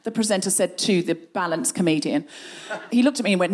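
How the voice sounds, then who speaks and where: Woman host telling a lively story. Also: lowish voice, a little fast. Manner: animated anecdote, acting out quoted voices, laughing through. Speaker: podcast host. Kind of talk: comic storytelling to a live audience. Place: live show on a stage.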